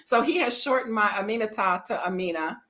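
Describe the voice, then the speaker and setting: A middle-aged woman, chatting to viewers in a lively storytelling vlog and laughing often. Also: mid-range voice, fairly quick. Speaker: travel vlogger.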